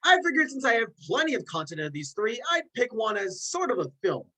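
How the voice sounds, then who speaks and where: A host in casual chat who runs through a ranked list of fictional characters, rambling into tangents and quick self-mocking asides. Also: medium pitch, very animated, fairly bright tone, low-quality recording.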